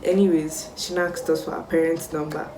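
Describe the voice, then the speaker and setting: A young Nigerian woman telling a casual storytime vlog, animated and exclamatory. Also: deep voice, a little fast, far from the mic, a little hiss or hum. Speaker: vlogger. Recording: roomy sound, mic set back.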